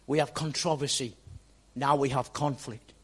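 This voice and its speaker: A pastor preaching a sermon in a church, speaking straight to the congregation and repeating words for emphasis. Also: male voice, mid-range voice, fairly even intonation, normal speed, slightly rough.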